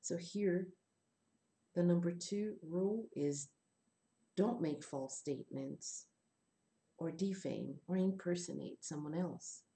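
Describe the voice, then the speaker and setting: A woman teaching English in an online class, explaining slowly and rephrasing her points. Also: on the low side, mellow.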